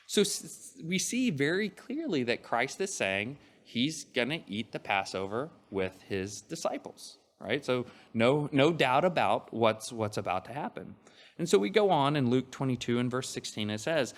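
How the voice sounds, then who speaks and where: A man's voice: mid-range voice, sing-song, normal speed. A man preaching a sermon, reading scripture aloud and explaining it in a conversational way, with frequent fillers and restarts.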